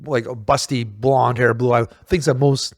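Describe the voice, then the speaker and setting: A man's voice: mid-range voice, fairly even intonation, normal speed, no echo, clean studio sound. A man in casual chat, blunt and swearing, with many restarts and repeated words. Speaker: podcast co-host.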